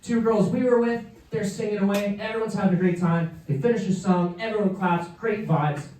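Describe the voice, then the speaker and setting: A man's voice: fairly quick, far from the mic, a little hiss or hum. A man performing stand-up comedy, telling a story and acting out the people in it with sudden jumps in his voice. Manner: animated, acts out characters with pitch jumps. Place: comedy show in a museum hall. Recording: roomy live venue, mic heard from afar.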